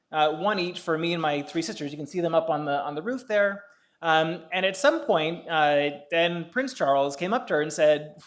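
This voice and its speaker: A man in his fifties from the Bahamas giving a public law lecture, telling personal stories in a conversational way with frequent filler sounds and light chuckles. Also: fairly high pitch. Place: lecture hall.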